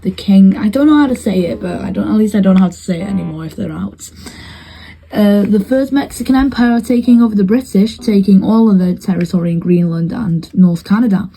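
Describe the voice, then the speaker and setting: A woman's voice: mid-range voice, a little fast, gravelly, warm tone, a little hiss or hum, low-quality recording. A woman giving casual, rambling commentary on a game as she watches, hesitant and full of fillers and restarts. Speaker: video host commentating a map simulation.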